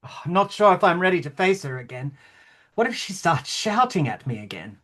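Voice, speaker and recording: A performer acting out a pompous king, bewildered and indignant, who stammers when unsure. The voice moves with lively swings in pitch. It is a rehearsal reading of a stage play. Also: brisk. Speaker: actor in rehearsal.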